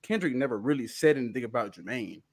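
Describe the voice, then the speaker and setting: A young man hosting a casual podcast debate, animated and argumentative, sometimes dropping to low asides. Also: quick pace. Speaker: podcast host.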